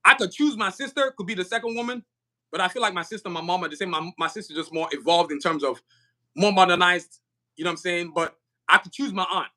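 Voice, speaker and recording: A man, a podcast guest talking in an animated, emphatic way, often repeating himself and laughing. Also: sits high, fast. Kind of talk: casual podcast conversation.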